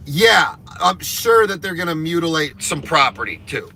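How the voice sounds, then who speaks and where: Bright-voiced man ranting crudely while driving. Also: fairly high pitch, animated, a little hiss or hum. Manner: crude, rambling, deliberately offensive. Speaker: comedian. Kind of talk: provocative live stream rant while driving. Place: inside a moving car.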